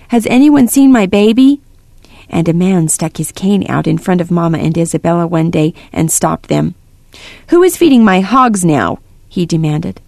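A woman narrating a storybook in an even, measured reading voice. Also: lowish voice, gravelly, no room sound, clean studio sound. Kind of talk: storybook read-aloud narration.

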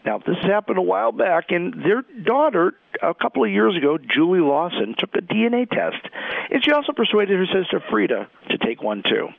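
A man's voice: high-pitched, big pitch swings, fairly quick, vocal fry, no room sound. A man, a genealogist and regular guest, telling news stories in a chatty way on a radio show over a phone line. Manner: chatty storyteller. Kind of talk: radio news segment chat.

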